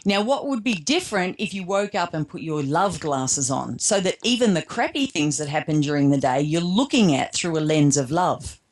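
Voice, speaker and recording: An Australian woman with a low voice speaks as an interview guest. She tells stories in a lively, casual way and slips into the voices of the people she quotes. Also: normal speed, few pauses.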